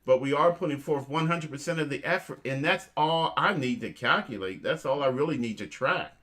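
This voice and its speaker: A man whose voice sits on the high side speaks fairly quickly with a fairly bright tone. Hosting a casual show, he jokes around, hands out motivational tips, and calls his listeners family.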